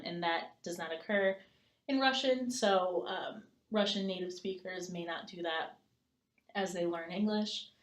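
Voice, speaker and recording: A woman with a somewhat low voice presents a lesson at an explanatory pace, pausing on filler words and reading out example sentences. The recording carries a noticeable room echo. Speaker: student presenter.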